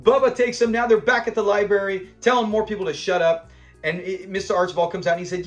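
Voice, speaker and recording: A show review host with a high-pitched voice casually breaks down a classic sitcom episode, speaking quickly in a level tone. Enthusiastic and chatty, he laughs while recapping favourite moments over faint background music.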